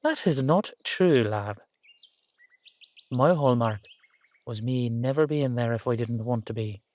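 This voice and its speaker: A man's voice: medium pitch, measured pace, a little mellow, no room sound, natural voice. A man voicing a wary older Irish uncle, a retired safecracker, with a sly, teasing drawl. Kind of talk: audio drama acting.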